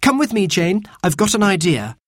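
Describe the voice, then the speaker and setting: A man's voice: high-pitched, big pitch swings, moderate pace, no room sound, studio quality, voice pushed up. A man voicing a brave, bossy eldest sister in a storybook reading. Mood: eager.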